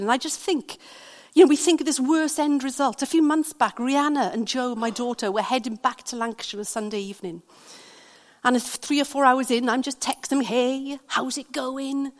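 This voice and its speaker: A woman with a Welsh accent preaching a sermon, telling stories in an animated, conversational way. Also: high voice, brisk. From Wales. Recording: long hall reverb.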